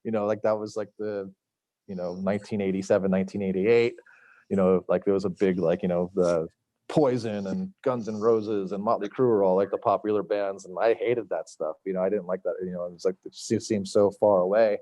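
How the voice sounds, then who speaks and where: A warm, low-sitting male voice with fairly even intonation comes across a little fast and free of echo. He's a middle-aged chef from Long Island, New York, spinning rambling stories as a podcast guest, full of fillers and dramatized quotes.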